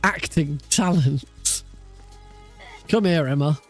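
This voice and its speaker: A man's voice: fairly high pitch, slow pace, soft background music. A man streaming a speedrun practice, chatting casually with viewers, laughing often and swearing freely. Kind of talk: casual live-stream chat.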